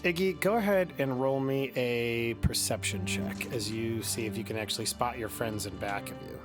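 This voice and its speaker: A man's voice: medium pitch, normal speed, music in the background. A man with a Midwestern accent, running a tabletop game as game master and explaining the rules in a casual, rambling way. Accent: Midwestern American.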